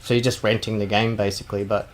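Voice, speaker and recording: A man with an Australian accent, co-hosting a casual podcast and telling stories in a sweary, animated way. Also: lowish voice, quick pace. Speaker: podcast co-host. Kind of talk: casual chat.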